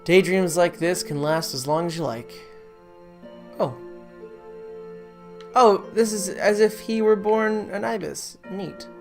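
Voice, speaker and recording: A gaming creator playing a story game, reading its text aloud with stumbles and self-corrections and breaking into excited squeals. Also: mid-range voice, slow pace, pauses often. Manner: chatty, trips over words while reading and corrects itself; swings to excited squeals when delighted. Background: game music.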